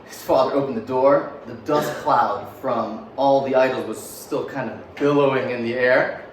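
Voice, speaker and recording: A man's voice: medium pitch, moderate pace, slight background noise. A man telling a story in a casual, joking way, with frequent fillers and offhand asides. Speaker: teacher. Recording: roomy echo, mic far off, faint ambience.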